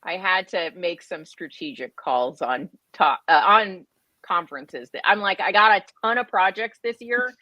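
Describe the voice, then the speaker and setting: Woman, bright forceful voice, slightly low, chatty livestream guest. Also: lively intonation, moderate pace, no room sound, highs cut off. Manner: chatty, laughs often. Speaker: guest, keto author and podcaster. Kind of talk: casual livestream interview.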